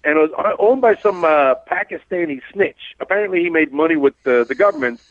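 Talk radio host, New man, blunt rambler, slightly high voice, tinny dry phone-like audio. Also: animated, a little fast, dry recording. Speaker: radio show host and cab driver.

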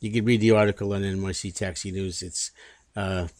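Radio guest, man, hesitant and halting, mid-pitched voice, dry close sound. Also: fairly even intonation, darkish tone, no echo. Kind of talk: talk radio chat.

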